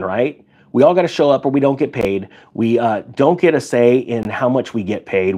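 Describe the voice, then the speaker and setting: Male commentator, husky timbre, animated recap storytelling. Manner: animated storytelling, acts out quoted people with pitch jumps. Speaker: commentator recounting an event. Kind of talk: casual spoken recap.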